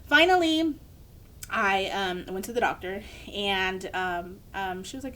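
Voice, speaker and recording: Young woman, animated storyteller, podcast co-host, mid-pitched, faint low rumble. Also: moderate pace. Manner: animated storyteller acting out quoted voices. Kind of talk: candid personal story in a podcast chat.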